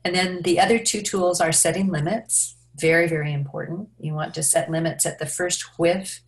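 Low-voiced woman telling a parenting story. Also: normal speed. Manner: animated storytelling with many restarts. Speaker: parenting expert guest. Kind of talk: interview conversation.

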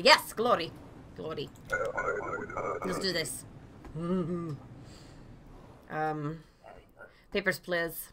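A woman playing a video game and commenting casually, swearing freely, yelling mock-official orders at characters, and haltingly reading on-screen text aloud. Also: fairly low pitch, gravelly, slight background noise. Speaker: let's play gamer.

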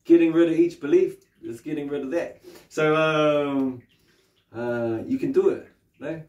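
Man with a New Zealand accent and a slightly high voice, a casual, swearing meditation teacher, recorded in an echoey room off-mic. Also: fairly even intonation, measured pace, darkish tone. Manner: loose, swears freely, frequent tag questions. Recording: roomy, distant mic.

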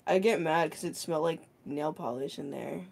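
A woman in loose, casual conversation with a friend, her voice sitting a little low. She rambles from thought to thought and leans on filler words as she talks. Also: moderate pace, creaky, a little mellow. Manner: rambling, heavy use of "like" fillers. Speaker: friend of the streamer. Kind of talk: casual chat.

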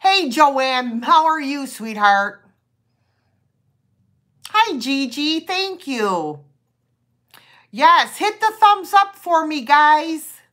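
A middle-aged woman runs a live online sale, chatting and rambling casually, greeting viewers by name warmly and using many fillers. Her high-pitched voice is very animated yet extremely slow, with frequent pauses.

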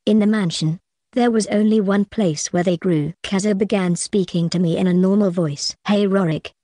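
A woman's voice: medium pitch, fairly even intonation, moderate pace, warm tone, no room sound, studio quality. A woman narrating a novel in first person for an audiobook, reading steadily.

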